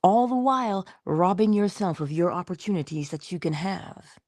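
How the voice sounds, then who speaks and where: A woman giving a casual motivational talk, expressive, dropping into whispers and laughing often. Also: on the low side, normal speed, no room sound, studio quality. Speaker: motivational vlogger.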